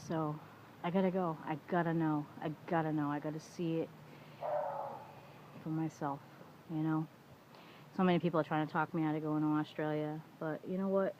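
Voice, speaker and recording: A woman's voice: low-pitched, fairly even intonation, moderate pace, long pauses. Frank middle-aged woman venting, lo-fi. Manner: frank and profane, acting out quoted arguments, many "you know"s. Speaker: vlogger. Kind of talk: casual venting monologue. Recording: dull lo-fi home recording with faint room noise.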